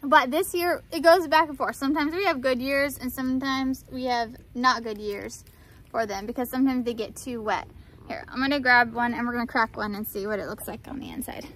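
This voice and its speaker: Outdoors amid farm animals and ambient sound, with faint background noise, a woman talks fairly quickly in a high-pitched, slightly bright voice. She's a farm vlogger, chatting casually as she coaxes her animals along.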